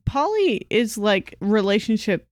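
A podcast cohost chatting casually in an upbeat, playful way, quick to agree. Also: medium pitch, very animated, no echo, clean studio sound. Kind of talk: casual chat.

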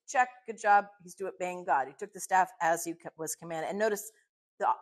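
A woman's voice: on the low side, fairly quick. A woman teaching a women's Bible study, chatty and encouraging, who fires off rhetorical questions and answers them herself. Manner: chatty and encouraging, with fillers and restarts.

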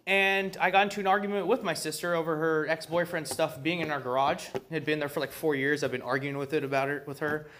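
A man's voice: fairly high pitch, fairly even intonation, quick pace, hardly any pauses, a bit bright, slight background noise. A man telling his story at a recovery meeting in a loose, profane way, full of ums and you-knows. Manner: loose and profane, heavy with fillers. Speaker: member sharing at a recovery meeting. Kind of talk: casual personal share.

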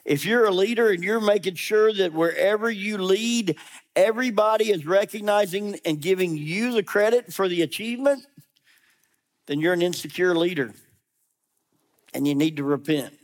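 A man's voice: high-pitched, normal speed. A man preaching a sermon as a pastor, talking in a conversational way, challenging his listeners directly and dropping sarcastic asides.

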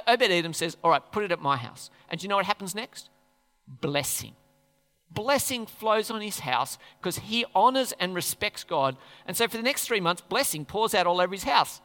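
A male pastor delivering a sermon with a high, lively voice that keeps asking the room questions. His tone is bright and forceful. Long reverb hangs on every phrase. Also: a little fast. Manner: conversational, questioning the audience. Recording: echoey hall reverb.

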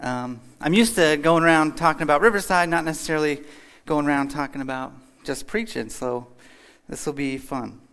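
Folksy kentucky guy joking around at church, bit higher voice. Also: normal speed, a bit bright, smooth. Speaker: guest speaker. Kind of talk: casual church talk with jokes. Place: church hall.

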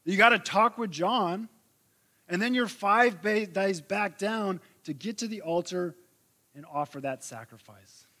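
Bright, high-voiced man preaching. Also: unhurried. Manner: conversational preaching with vivid illustrations and rhetorical questions. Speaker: pastor. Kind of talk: sermon.

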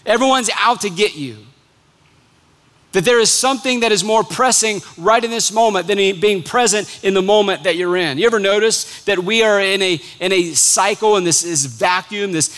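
A man preaching a sermon, stretching key words slowly and dropping to a soft, low close at the end of phrases. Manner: emphatic, drawn-out phrases with sudden soft drops.

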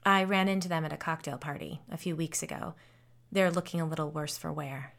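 A woman's voice: low-pitched, steady tone, a little fast, gravelly, a bit bright. A woman voicing a friendly, self-deprecating grown woman who is frightened of something from her childhood, in a storybook reading. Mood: chatty. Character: nervous grown woman haunted since childhood.

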